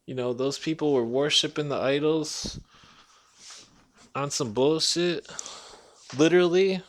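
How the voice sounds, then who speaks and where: Speaking unhurriedly and a bit higher than most men, he launches into a loose, unscripted rant aimed right at the listener, vlogger-style. It's blunt and heated, with swearing in nearly every sentence.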